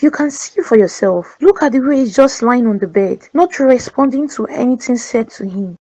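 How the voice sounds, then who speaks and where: A woman's voice: on the high side, expressive, moderate pace, warm tone, no room sound. A woman voicing a bitter middle-aged wife and mother in a cartoon, speaking accusingly. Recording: dry, slightly dull.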